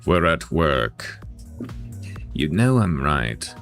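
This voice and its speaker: A man voicing a weary, guilt-ridden government doctor in a tabletop game, with a heavy, quiet, troubled delivery and a put-on accent. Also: very deep voice, very animated, drawn-out words, soft background music, pitched below the performer's own voice, full character voice. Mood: wary. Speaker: player character.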